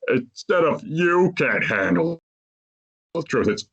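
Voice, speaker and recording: A man's voice: mid-range voice, wildly swooping pitch, unhurried, a bit bright, breathy edge. A man hosting a podcast, retelling a movie's plot in a casual, chatty way and laughing often. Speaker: podcast host.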